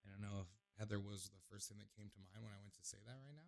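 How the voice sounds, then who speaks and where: A man's voice: lowish voice, rapid-fire, gravelly, a little mellow, no room sound. A man hosting a call-in stream, talking casually in a loose, rambling, profane way. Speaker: call-in show host.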